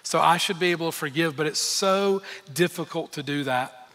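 A man's voice: a little high, normal speed, pushed and bright. A man preaching a sermon as pastor, earnest and emphatic, with candid personal asides. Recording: long hall reverb.

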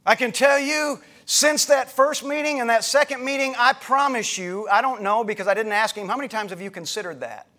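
High-voiced male pastor preaching casually. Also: a little fast, few pauses, bright, forceful tone. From United States. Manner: conversational preaching, retelling dialogue with frequent restarts. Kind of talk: sermon storytelling.

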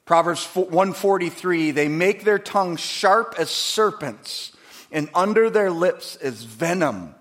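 Guy preaching a sermon, kinda high voice, goes from quiet asides to loud emphatic bits. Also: expressive, takes it slowly. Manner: acts out quoted voices dramatically. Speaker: pastor.

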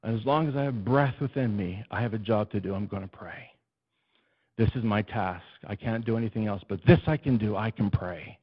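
A man's voice: fairly low pitch, a little fast, slightly rough. A man voicing his earnest, resolute ninety-six-year-old grandfather. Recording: dull, muffled recording.

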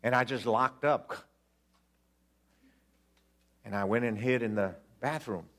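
A man in his sixties preaching a storytelling sermon, animated and acting out the dialogue while joking with the congregation. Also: mid-range voice, takes it slowly.

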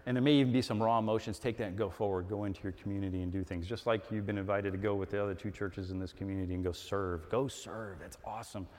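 A middle-aged man preaching a sermon, animated and emphatic, acting out little dialogues as he goes. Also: fairly low pitch, quick pace, hardly any pauses. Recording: long hall reverb.

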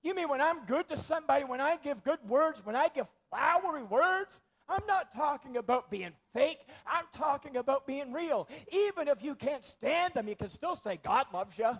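Guy preaching in church, really high voice, goes from loud punchy bits down to almost whispering. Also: lively intonation, normal speed, hardly any pauses. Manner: swings between loud emphasis and near-whispers; repeats phrases for emphasis. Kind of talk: sermon.

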